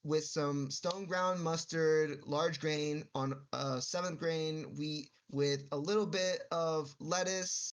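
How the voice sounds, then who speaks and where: A man who runs esports tournaments, chatting on a podcast. He jokes and boasts, then explains his plans in slow, careful detail. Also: fairly high pitch, steady tone, slight background noise. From Texas. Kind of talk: casual podcast chat.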